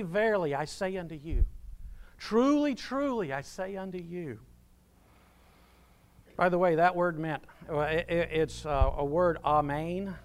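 Man, pastor, sermon, voice a bit high, loud then hushed. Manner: animated preaching, swings from loud proclamations to hushed asides.

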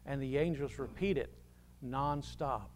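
A man preaching a sermon, swinging from loud proclamations to hushed asides. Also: medium pitch, unhurried, a little hiss or hum. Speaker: pastor.

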